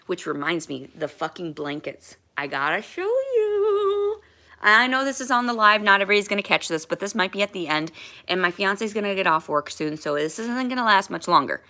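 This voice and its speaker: A woman's voice: mid-range voice, lively intonation, brisk, sharp tone. A woman chatting on a livestream in a rambling, emotional way, with casual swearing.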